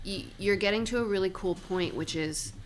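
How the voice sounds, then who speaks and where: A woman's voice: medium pitch, normal speed, slight background noise. A woman co-hosting a podcast, upbeat and steering the talk with questions. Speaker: podcast co-host. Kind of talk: casual conversation.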